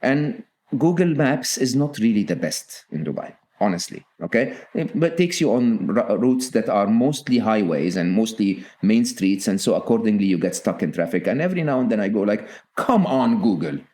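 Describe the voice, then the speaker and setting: A man's voice: on the low side, animated, moderate pace, few pauses, dark tone. A middle-aged man, a guest author on a podcast, talking earnestly and often checking in with "okay?". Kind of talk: podcast interview.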